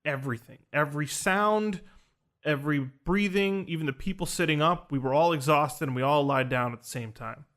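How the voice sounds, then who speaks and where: A man's voice: fairly high pitch, moderate pace, a bit bright. A young man casually telling a personal story on a podcast, earnest and rambling, full of fillers and restarts. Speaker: podcast host recounting a ceremony.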